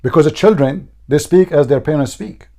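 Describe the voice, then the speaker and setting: High-voiced man hosting a heated debate. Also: moderate pace, dark tone. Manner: insistent, mocking, repeats questions. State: hoarse. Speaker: debate host.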